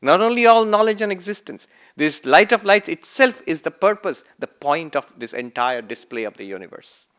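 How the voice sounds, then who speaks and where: A man giving a spiritual talk as a monk, asking rhetorical questions, rising emphatically, then letting his lines fade softly. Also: on the high side, very animated, smooth. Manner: rhetorical questions, emphatic rises and soft trailing endings; slow deliberate delivery with repeated phrases. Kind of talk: lecture-style sermon.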